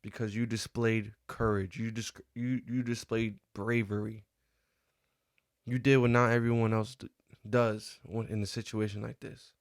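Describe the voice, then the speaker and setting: Halting, earnest young man with gravelly voice. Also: on the low side, little pitch movement, no room sound, clean studio sound. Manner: halting, earnest, many restarts and fillers. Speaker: vlogger. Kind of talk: personal reflection vlog.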